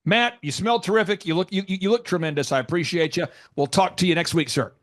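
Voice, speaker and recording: A man hosting a business podcast, talking in animated, jokey, rambling banter with frequent restarts. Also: high voice, fast talker. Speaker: host.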